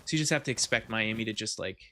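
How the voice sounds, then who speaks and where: A man's voice: on the low side, fast talker, bright, forceful tone, a little hiss or hum. A man hosting a podcast while gaming, chatting casually and rambling, with a lot of swearing and laughter. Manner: rambling, profane, laughing often. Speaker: podcast host.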